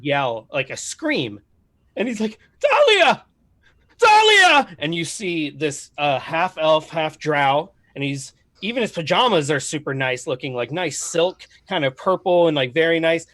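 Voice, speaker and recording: A man's voice: fairly high pitch, moderate pace, few pauses, a bit bright, no echo. A man narrating as game master in a casual, rambling way.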